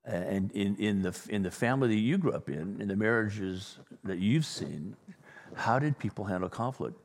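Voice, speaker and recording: Joking pastor in a reverberant hall. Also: male voice, lowish voice, animated, normal speed, a little hiss or hum. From Southern California. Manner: joking, with sudden loud bursts and trailing quiet asides. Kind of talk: sermon.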